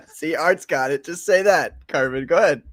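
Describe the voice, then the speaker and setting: A man with a fairly high voice riffs through a comedic talk show, cursing freely and swinging between shouting bursts and muttered side remarks. The sound is dry and close, with no room around it. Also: unhurried, no room sound. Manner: joking, swings from loud outbursts to mumbling asides; profane. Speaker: podcast co-host. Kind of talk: casual comedic chat.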